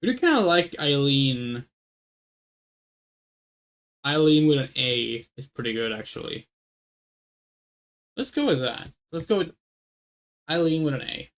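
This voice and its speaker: A woman's voice: low-pitched, very animated, measured pace, pauses often. A woman streaming a game, chatting casually with her viewers and thinking aloud as she picks options, referring to herself as "we". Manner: thinking aloud, rambling, speaks of self as "we". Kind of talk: casual let's play commentary.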